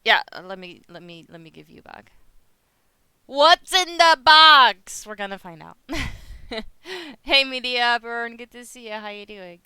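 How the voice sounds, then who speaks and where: A woman's voice: medium pitch, moderate pace, sharp tone, clear, resonant tone, dry recording. A young woman with a Dutch accent, chatting casually with her live-stream viewers and laughing often. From Netherlands. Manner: chatty, giggly, reads chat aloud.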